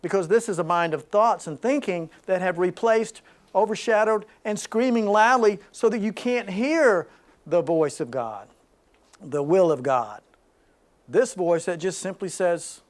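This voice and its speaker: High-voiced man giving a spiritual talk. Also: lively intonation, measured pace. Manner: dynamic, swings from loud emphasis to soft hushed speech; laughs between points. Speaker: spiritual group leader. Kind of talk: spiritual talk to a small group.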